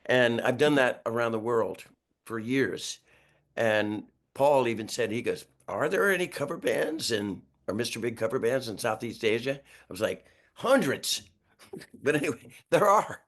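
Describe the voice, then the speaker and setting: A man's voice: medium pitch, moderate pace. Rambling man in his sixties. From New York, USA. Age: 60s. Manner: lively, rambling, chuckles often, restarts sentences. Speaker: guest musician. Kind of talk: casual storytelling interview.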